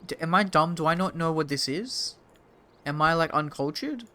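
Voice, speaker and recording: Bright-voiced young Australian streamer. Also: male voice, on the high side, lively intonation, normal speed. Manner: chatty, self-mocking, reacting to chat. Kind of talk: casual gaming commentary.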